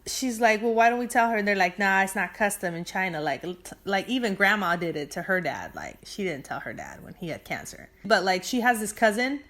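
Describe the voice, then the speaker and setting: A woman's voice: mid-range voice, big pitch swings, a little fast, few pauses, a bit bright. Chatty woman recapping a movie. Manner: chatty, filler-heavy storytelling with acted-out quotes. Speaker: vlogger. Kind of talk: casual movie recap to a sibling.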